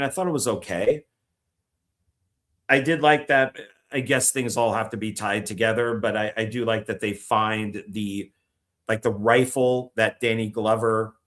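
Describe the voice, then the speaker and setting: Speaking in a mid-range voice with a fairly bright tone, a man chats casually on camera about discs he bought. The filmmaker's vlog chat rambles and includes swearing, plus occasional mockery of critics in a put-on voice.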